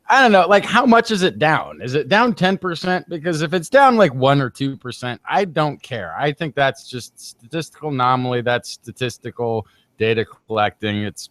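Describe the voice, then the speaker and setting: A man on a video call whose pitch moves in a lively way as he jokes wryly. His voice is dry and close, with no room sound. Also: no room sound. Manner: joking, sardonic. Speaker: panelist. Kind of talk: casual video call chat.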